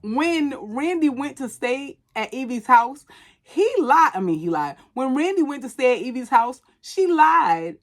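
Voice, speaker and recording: A woman hosts a podcast, retelling a movie plot in loose, animated storytelling. She peppers it with slang and cursing, and her voice sits a little high. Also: unhurried. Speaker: podcast host. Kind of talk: casual movie recap.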